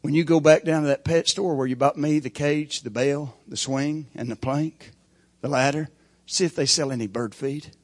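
A preacher voicing a dry-witted male parrot delivering a punchline quietly and deadpan. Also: a little high, moderate pace, lightly acted.

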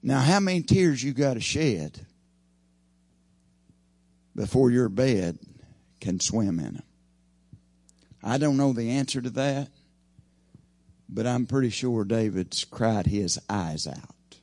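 Brief: male preacher, mid-pitched, dramatic rises and quiet drops, dry close sound. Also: lively intonation, takes it slowly, pauses often, dry recording. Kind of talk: sermon.

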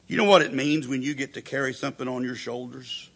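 Man, preacher, sermon, storytelling, acts out quotes, husky, tense tone. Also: medium pitch, steady tone, fast talker, few pauses, fairly bright tone.

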